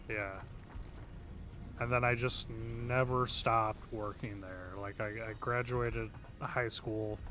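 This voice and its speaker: A young man co-hosting a gaming video in relaxed, offhand casual chat. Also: on the low side. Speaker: gaming channel co-host. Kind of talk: casual chat while playing a game. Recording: background noise.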